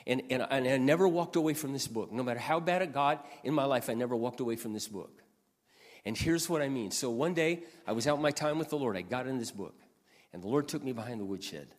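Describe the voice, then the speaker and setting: A man's voice: mid-range voice, brisk. A man in his sixties giving an earnest sermon as pastor, repeating lines for emphasis. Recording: long hall reverb.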